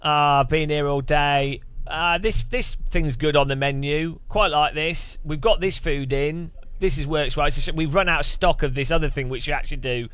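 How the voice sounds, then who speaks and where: A man's voice: a little high, moderate pace, few pauses, clear, resonant tone, no echo, lightly acted. A man voicing a tired, blunt restaurant waiter who grumbles matter-of-factly. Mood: grumbling. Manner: flat, grumbling, matter-of-fact.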